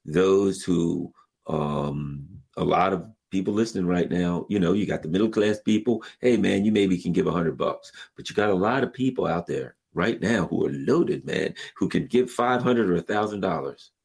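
Gravelly, husky male radio talk host. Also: deep voice, normal speed, a little mellow. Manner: impassioned, sarcastic ranting. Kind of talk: on-air political commentary and fundraising pitch.

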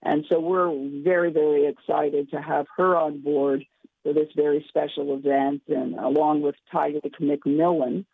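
Hoarse woman guest on a tinny phone line, gravelly, rambling, clears throat. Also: sits low, fairly even intonation, measured pace, no echo. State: hoarse, losing voice. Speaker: radio guest, gala chair. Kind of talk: radio phone-in interview.

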